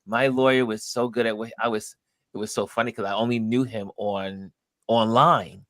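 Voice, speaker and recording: This man's voice sits fairly low and moves at normal speed, recorded dry. Hosting a live stream, he chats casually and brings his stories to life by acting out the people in them.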